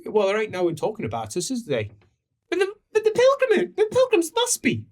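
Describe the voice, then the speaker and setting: A game master voicing a shifty male priest who scams pilgrims, talking quickly and evasively. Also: mid-range voice, wildly swooping pitch, voice pushed up.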